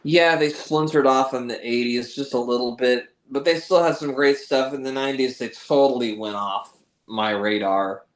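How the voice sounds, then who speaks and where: A man's voice: medium pitch, normal speed, echoey room, low-quality recording. A man co-hosting a podcast in casual chat, joking and exasperated.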